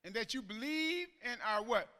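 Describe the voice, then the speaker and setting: Preacher guy with a high bright voice, folksy, gets the crowd to repeat after him. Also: very animated, normal speed, no echo. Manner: call-and-response preaching, repeats phrases, swings from quiet asides to loud emphasis; folksy, says "man" and "ain't". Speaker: pastor. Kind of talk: sermon. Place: church sanctuary.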